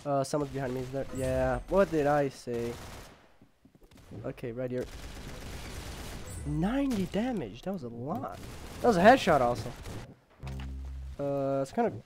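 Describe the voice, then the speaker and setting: A young man casually commenting on his gameplay, rambling with lots of fillers and jokes, and sometimes yelling when excited. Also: mid-range voice, a little slow, pauses often, soft background music. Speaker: gamer.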